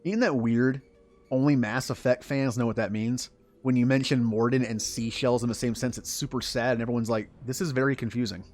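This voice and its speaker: A man's voice: mid-range voice, fairly even intonation, a little fast, a little mellow. Chatty man from the American South. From southern United States. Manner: chatty, rambling, laughs often. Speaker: gaming streamer. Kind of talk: casual gameplay commentary.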